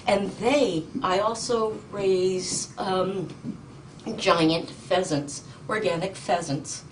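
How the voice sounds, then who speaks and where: A middle-aged woman testifying in a courtroom, urgent and indignant, halting with ums and restarts. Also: medium pitch, steady tone. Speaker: petitioner in court. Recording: distant mic with faint noise.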